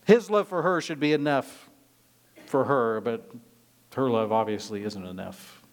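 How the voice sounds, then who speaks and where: A man's voice: mid-range voice, a little slow. A man preaching a sermon, explaining a scripture passage verse by verse with emphatic delivery. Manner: expository, emphatic, reads scripture aloud.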